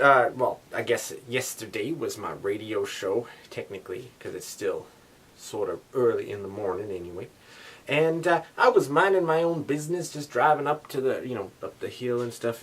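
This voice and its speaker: A young man from Canada ranting casually in a daily vlog, animated and swearing, wet from the shower. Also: mid-range voice, husky. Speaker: vlogger.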